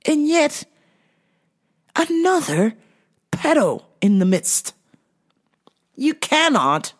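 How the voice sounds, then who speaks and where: A woman's voice: on the high side, slightly rough. A woman hosting a podcast, talking in a casual monologue, profane and exasperated, often laughing. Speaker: podcast host.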